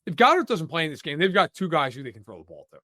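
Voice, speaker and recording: Guy talking football on a podcast, pushy and opinionated, bit high voice, dry sound. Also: sing-song, rapid-fire, sharp tone, dry recording. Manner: emphatic, opinionated, many "like" fillers. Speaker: football analyst guest. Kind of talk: casual podcast chat.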